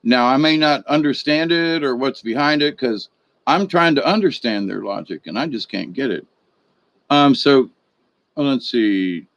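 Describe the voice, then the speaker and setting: A man's voice: mid-range voice, a little slow, a bit bright, highs cut off. A man hosting a spiritual livestream, reading chat comments in a rambling, folksy way full of fillers and restarts. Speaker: spiritual video host.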